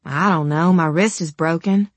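A woman voicing a feisty, foul-mouthed young zombie woman in an audiobook, her character voice pitched above her own. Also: normal speed, no echo. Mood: wary. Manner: foul-mouthed, hot-tempered.

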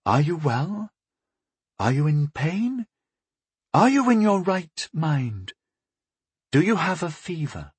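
A man's voice: a little high, very animated, normal speed, husky, no echo, pitched above the performer's own voice. A man voicing a wry young woman healer. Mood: patient. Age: 20s. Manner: patient, amused, matter-of-fact.

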